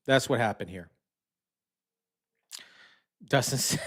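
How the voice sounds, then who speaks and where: A man's voice: mid-range voice, animated, a little slow, pauses often, a bit bright. A man hosting a commentary channel, talking bluntly and indignantly, often repeating himself. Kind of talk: casual online commentary.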